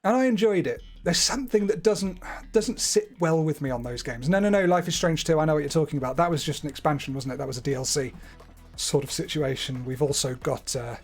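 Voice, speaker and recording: A man's voice: on the high side, brisk, soft background music. A man streaming live, talking through his gameplay in a chatty, playful way with wordy asides. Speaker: gaming streamer.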